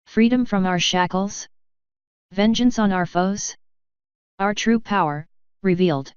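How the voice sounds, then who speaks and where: A woman's voice: medium pitch, unhurried, clean tone, dry recording, close to an everyday voice. A woman voicing a sinister, fanged female pony doppelganger with a honeyed, taunting manner, on a dull, dry recording.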